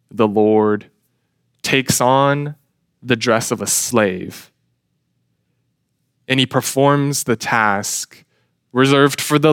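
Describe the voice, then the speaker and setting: A man's voice: medium pitch, fairly bright tone, dry recording, clean studio sound. A man preaching a sermon in an earnest, emphatic way, asking rhetorical questions. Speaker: pastor.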